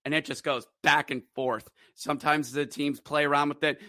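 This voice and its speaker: A man hosting a hockey fan podcast, calling plays with shouts and groans, then grumbling bitterly about the loss. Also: fairly high pitch, steady tone, moderate pace, dry recording, studio quality. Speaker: podcast host recapping hockey games. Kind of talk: fan podcast recap with play-by-play.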